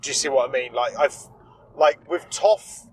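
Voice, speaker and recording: A man's voice: mid-range voice, moderate pace, slight background noise, low-quality recording. A young man co-hosting a podcast in casual chat, rambling and searching for words, agreeable with his co-host.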